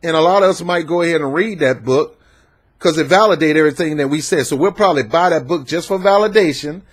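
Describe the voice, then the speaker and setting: A man's voice: on the high side, quick pace. Emphatic man ranting politics. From Southern United States. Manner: emphatic, repetitive, talks back at his subjects. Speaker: political commentator.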